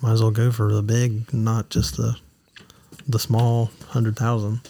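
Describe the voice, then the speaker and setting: A man co-hosting a podcast in casual chat, chiming in with short, flat remarks. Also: on the low side, a little slow, slight background noise. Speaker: podcast co-host.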